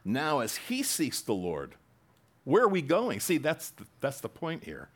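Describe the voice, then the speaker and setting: Animated preacher with a lively, swooping voice. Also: male voice, medium pitch, a little slow, husky. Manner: animated preaching, reading scripture aloud with sudden loud emphatic bursts and asides. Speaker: pastor. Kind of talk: sermon.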